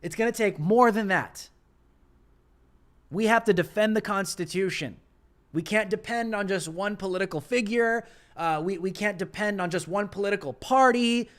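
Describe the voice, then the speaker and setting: A young man with a fairly high voice hosts a political commentary livestream. He talks with passion and drives each point home by repeating it. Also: normal speed, a bit bright. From United States. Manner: impassioned, emphatic repetition. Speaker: livestream host.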